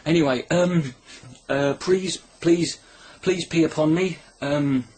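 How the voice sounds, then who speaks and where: A man's voice: a little high, a little slow, a little mellow, husky. A man rambling through a crude, sarcastic comedy monologue, filming himself at home on his camera. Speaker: comedy vlogger. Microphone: camera mic.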